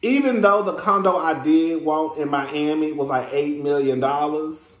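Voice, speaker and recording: High-voiced sassy man. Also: measured pace, reverberant. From Texas. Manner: sassy and chatty, calls listeners "girl", laughs often. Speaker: reality TV reviewer, host. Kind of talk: casual review vlog.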